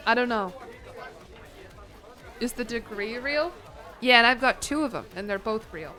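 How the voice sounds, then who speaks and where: A woman's voice: a little slow, pauses often, some chatter behind, rough recording. A young adult woman streaming a game, chatting casually with playful, self-mocking jokes and bursts of laughter. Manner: bursts of animated laughter and pitch jumps. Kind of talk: casual livestream chat while playing a game.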